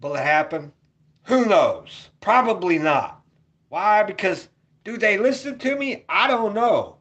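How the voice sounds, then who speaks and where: Brief: male vlogger, voice sits a bit high, profane home rant that keeps repeating itself and jumps between loud and quiet. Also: animated, measured pace, dull audio. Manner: ranting, repetitive, profane, swings between loud and muttered. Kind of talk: rambling opinion rant.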